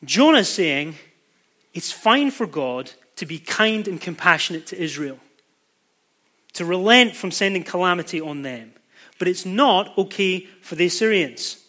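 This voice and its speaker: High, bright-voiced male preacher. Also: lively intonation. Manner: emphatic, with pace slowing and speeding for stress. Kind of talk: sermon.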